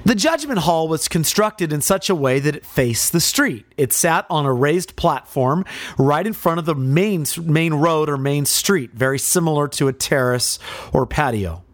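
A man's voice: a little high, lively intonation, normal speed, no room sound. A male preacher giving a dramatic sermon, asking rhetorical questions and speaking directly to his listeners.

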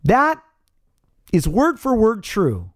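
A man preaching a radio sermon with emphatic delivery, stressing key words by pushing his pitch up. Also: huge pitch swings, takes it slowly, dry recording, studio quality.

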